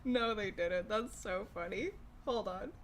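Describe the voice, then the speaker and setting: A woman's voice: mid-range voice, measured pace, slight background noise. A young woman hosting a casual livestream, chatting sarcastically with lots of profanity and laughter. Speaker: livestream host. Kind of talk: casual livestream chat reacting to news.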